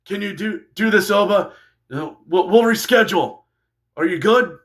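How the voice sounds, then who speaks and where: Guy doing a worried exec voice, way higher, kinda pleading. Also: moderate pace, close to an everyday voice. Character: anxious middle-aged male wrestling executive.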